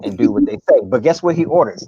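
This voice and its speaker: A man's voice: medium pitch, fast talker, breathy edge, no room sound, lo-fi sound. A man, a comedian guest, telling a funny road story in casual chat and acting out the people in it. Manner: animated, mimics voices and groans.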